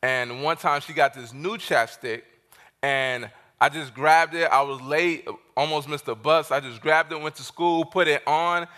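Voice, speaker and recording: A man's voice: fairly high pitch, unhurried, sharp tone. A man preaching as a guest pastor, telling a story with animation and acting out the dialogue. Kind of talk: sermon.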